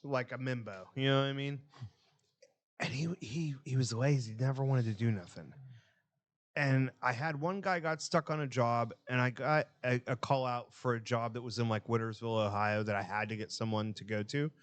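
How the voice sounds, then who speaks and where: Speaking at normal speed in a mid-range voice, a male podcast co-host tells stories casually, heavy on the swearing. He animatedly performs what people said as he goes.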